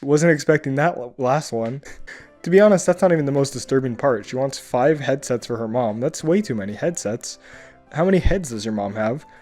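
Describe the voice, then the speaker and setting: A man's voice: medium pitch, brisk, a little mellow, soft background music. A man giving comedic commentary as he reads funny online reviews aloud, with sarcastic, mock-outraged asides. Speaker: comedy YouTuber reading reviews.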